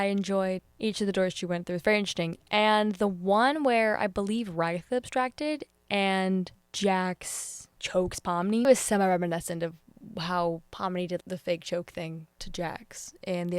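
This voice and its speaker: An earnest woman talks through her thoughts on a show in a casual review, openly emotional and hesitant at times. Her voice sits at an ordinary middle pitch. It jumps up sharply when she gets excited and drops to soft near-whispers, and the sound is close and dry, with no room echo. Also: clean tone. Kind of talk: casual spoken review vlog.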